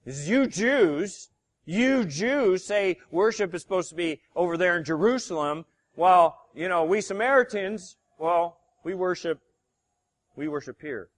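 A man's voice: high voice, animated, a little slow. A preacher doing a sly, evasive Samaritan woman. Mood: breezy. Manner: breezy, mocking retelling. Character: Samaritan woman at a well, evasive and quick-witted.

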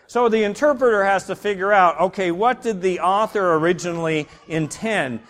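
A man's voice: high voice, unhurried, a bit bright, big-room sound. A man teaching a church Bible class, explaining casually with many fillers and restarts.

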